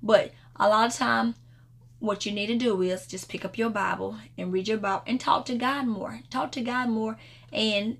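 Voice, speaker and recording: Woman preacher rambling through a story, kinda high voice w/ lots of gravel, restarts a lot. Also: fairly even intonation, moderate pace. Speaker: minister leading a prayer video. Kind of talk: informal devotional talk.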